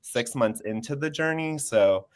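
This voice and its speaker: A young man in his twenties speaks as a panel guest over a video call. He sounds earnest and open, often breaking into a laugh as he talks. His voice sits at an ordinary middle pitch for a man. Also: animated, measured pace, clear, resonant tone. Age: 20s. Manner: earnest, open, laughs easily while sharing. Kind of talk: casual chat.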